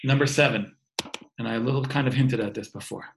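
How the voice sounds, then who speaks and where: A man's voice: mid-range voice, fairly even intonation, fast talker, vocal fry, background noise. Man, 30s, earnest informal teacher; restarts phrases, video-call sound. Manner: earnest, repeats and restarts words. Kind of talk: informal talk on faith and wellbeing.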